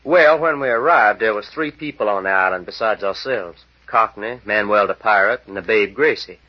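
An actor playing a brash, easygoing young pilot sidekick with a breezy, slangy manner and a husky voice, in 1940s radio acting style. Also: male voice, on the low side, normal speed, lightly acted. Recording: dull old radio broadcast.

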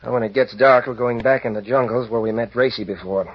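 An actor playing a calm, decisive adventurer pilot captain with a steady, commanding manner and a husky voice, in 1940s radio acting style. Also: male voice, mid-range voice, quick pace, no room sound, lightly acted. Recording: dull, dry old radio broadcast.

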